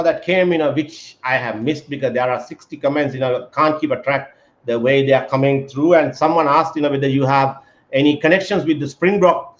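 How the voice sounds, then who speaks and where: A man hosting a casual live-stream chat, talking with lots of fillers and calling his guest mate. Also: on the high side. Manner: chatty, many fillers, calls guest mate. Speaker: host. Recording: echoey, dull lo-fi audio.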